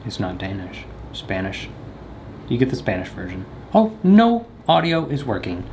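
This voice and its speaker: A man films himself alone in a room of his house, chatting to the camera in a rambling, jokey way. His pitch swings up and down a lot as he pokes fun at himself. A faint hiss sits under the recording. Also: wildly swooping pitch, moderate pace, darkish tone. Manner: rambling, jokey, self-mocking. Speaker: vlogger. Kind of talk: casual monologue to camera.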